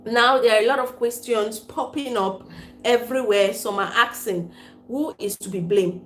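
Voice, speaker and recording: A woman's voice: fairly high pitch, moderate pace. A woman with a Cameroonian accent hosting a casual livestream chat, reading out viewer comments, laughing often and mixing pidgin with English. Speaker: livestream host. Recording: roomy echo, faint room noise.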